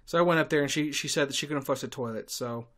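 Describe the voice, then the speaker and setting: A man hosting a podcast, telling stories in a sarcastic, irritable monologue with sudden loud outbursts. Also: mid-range voice, quick pace. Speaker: podcast host and tour guide. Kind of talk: casual ranting monologue.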